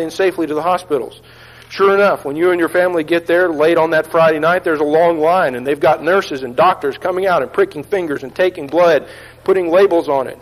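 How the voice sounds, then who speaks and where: A man preaching a sermon, telling a dramatic story with intensity and dropping into hushed tones. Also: on the high side, big-room sound, low-quality recording.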